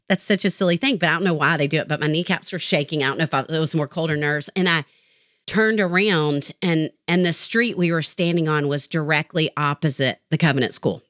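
A woman's voice: low-pitched, fairly bright tone, dry recording, studio quality. A middle-aged woman therapist, a podcast guest, talking in an earnest, reflective way and telling stories. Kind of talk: podcast interview conversation.

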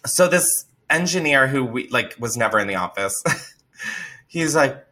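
Bright-voiced young man telling a wild story. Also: mid-range voice, a little slow. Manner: animated, swearing, laughs a lot. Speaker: podcast host. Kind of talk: casual storytelling.

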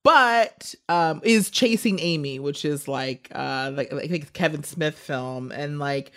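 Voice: medium pitch, slow, a bit bright. A podcast guest talking casually, hedging and meandering, laughing now and then. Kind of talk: casual chat.

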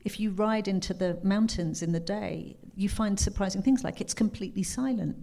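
A woman's voice: mid-range voice, moderate pace, creaky, warm tone. A woman with an English accent, a guest author in a casual interview. She is chatty and self-deprecating, and she laughs often. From England.

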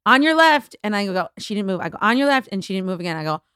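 A woman's voice: mid-range voice, lively intonation, rapid-fire, clean tone, no room sound, studio quality. A woman comedian, a guest in a casual chat, telling exasperated stories and laughing often.

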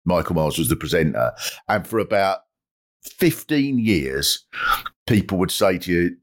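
Animated male podcast host, lively pitch. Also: normal speed. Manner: animated, acts out quotes in funny voices. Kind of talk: comic storytelling chat.

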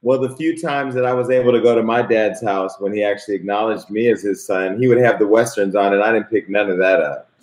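Relaxed male host in a roomy space. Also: fairly low pitch. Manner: relaxed, quick to laugh. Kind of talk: casual interview chat. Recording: roomy echo.

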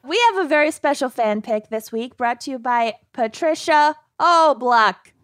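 A woman's voice: high voice, lively intonation, normal speed, a bit bright, no echo, studio quality. A woman co-hosting a podcast, chatting casually, giggly and telling stories with lots of "like". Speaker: podcast co-host. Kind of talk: casual chat.

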